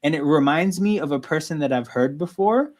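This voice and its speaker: This Canadian man hosts a casual sports watchalong livestream, his voice on the high side, animated, a little fast and a little mellow. He talks loosely and conversationally, peppering everything with "like" and "right?"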